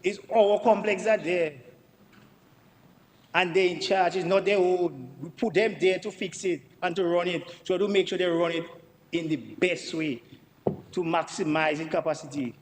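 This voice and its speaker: A man's voice: sits high, normal speed, big-room sound, a little hiss or hum, poor audio. Emphatic Dominican man in parliament. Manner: emphatic, repeats himself for stress. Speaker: member of parliament. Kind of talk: parliamentary debate speech. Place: parliament chamber.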